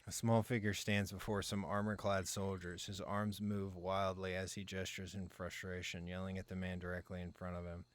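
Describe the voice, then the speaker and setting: A man's voice: low-pitched, flat delivery, moderate pace, few pauses. A man hosting a game playthrough, reading the story text and making dry, profane asides. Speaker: let's play host.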